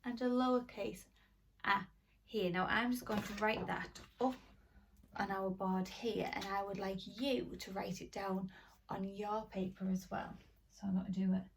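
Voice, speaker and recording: Woman, phonics teacher for small children, sing-song and encouraging, a bit distant from the mic. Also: medium pitch. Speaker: primary school teacher. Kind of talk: phonics lesson for young children.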